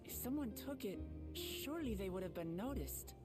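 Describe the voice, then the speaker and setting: A woman's voice: mid-range voice, lively intonation, moderate pace, loud music behind the voice, natural voice. An actress playing an inquisitive young woman in voiced game dialogue. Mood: curious.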